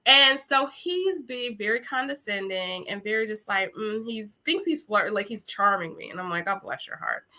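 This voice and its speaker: A woman in her forties, an attorney as a guest in an interview, telling lively stories and laughing easily. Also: medium pitch, normal speed, few pauses. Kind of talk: casual interview chat.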